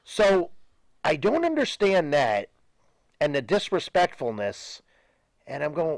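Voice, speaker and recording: A man's voice: fairly high pitch, wildly swooping pitch, slow pace, long pauses, no echo. An older man, a retired pro wrestler, ranting emphatically and with profanity as a guest in a studio interview.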